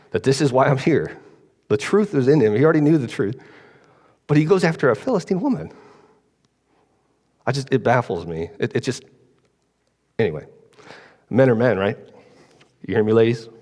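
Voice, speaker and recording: A man's voice: medium pitch, lively intonation, moderate pace, pauses often, darkish tone, big-room sound. A man giving a casual, rambling sermon, often checking in with listeners. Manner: chatty, rambling, asks the congregation "right?" often. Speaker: preacher. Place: church hall.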